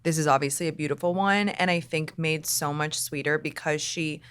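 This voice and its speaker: Low-voiced woman podcast host. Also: fairly even intonation, normal speed, fairly bright tone, clean tone. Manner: affirming, reflective, speaks to listeners. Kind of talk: casual chat.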